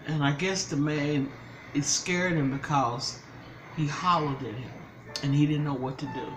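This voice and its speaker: Speaking in a low-pitched voice over a noisy background, this grandmother and mukbang vlogger chats informally with her audience. She sounds distressed and begs them for advice.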